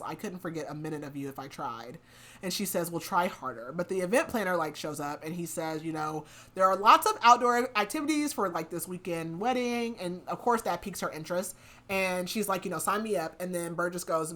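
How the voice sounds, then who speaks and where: A woman podcast host casually recapping a book's plot, half-acting the characters' lines and saying "like" a lot. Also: fairly low pitch. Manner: animated retelling with lots of "like", half-acting the quotes.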